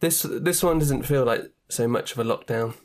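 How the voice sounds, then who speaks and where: A man's voice: medium pitch, normal speed. Guy hosting a podcast, rambly and jokey, cheap mic. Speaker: podcast host. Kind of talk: casual podcast chat. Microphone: poor-quality home microphone.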